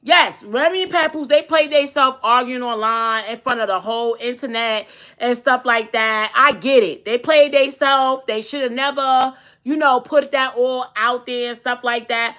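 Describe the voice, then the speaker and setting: A woman's voice: on the high side, steady tone, normal speed, a bit bright. A woman in her forties hosting a podcast, giving blunt, sassy, slang-filled gossip commentary in a casual chat. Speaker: podcast host.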